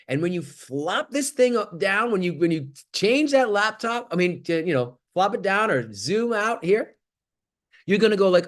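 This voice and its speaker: A man giving an animated motivational talk on a video call, swinging from loud exclamations to near-whispers. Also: high voice, moderate pace. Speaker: guest speaker on an acting workshop call.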